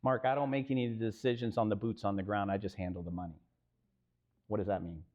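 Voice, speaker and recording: On a live panel, a Texan real estate co-founder races through a business anecdote in a fairly low voice. He acts out what people said and throws questions at the crowd with lively energy, and the audio is dull.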